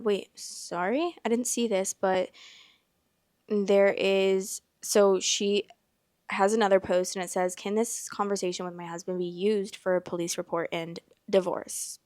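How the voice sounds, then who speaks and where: A woman's voice: mid-range voice, flat delivery, unhurried, darkish tone, dry recording, clean studio sound. A young woman from Iowa, hosting and casually reading online stories aloud with blunt, chatty reactions. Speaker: host.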